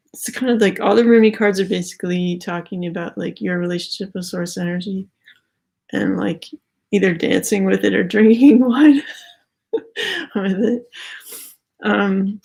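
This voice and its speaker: A woman's voice: mid-range voice, gravelly, darkish tone, breathy edge. A young adult woman giving a casual spiritual tarot reading, rambling with many "like" fillers and slightly out of breath. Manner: rambling, heavy use of "like" fillers. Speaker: tarot card reader.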